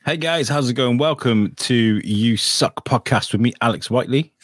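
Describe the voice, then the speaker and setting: A man's voice: mid-range voice, normal speed, dry recording, studio quality. A British man co-hosting a podcast in casual chat, rambling and chuckling as he talks. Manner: rambling, self-interrupting, chuckling. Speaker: podcast co-host.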